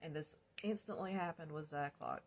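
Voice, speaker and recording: A woman's voice: sits low, moderate pace, background noise. A woman vlogger telling her own life story in a blunt, confessional storytime, swearing freely. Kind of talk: candid storytime.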